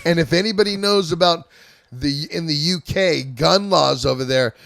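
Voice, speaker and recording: Man, 50s, gravelly, fairly high voice, profane animated storyteller, casual chat. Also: moderate pace, no room sound, studio quality. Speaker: host.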